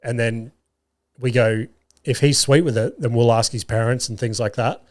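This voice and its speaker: A man's voice: medium pitch, fairly even intonation, normal speed. A man, a podcast host telling casual stories and swearing freely. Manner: swears freely, acts out family dialogue. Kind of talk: casual storytelling.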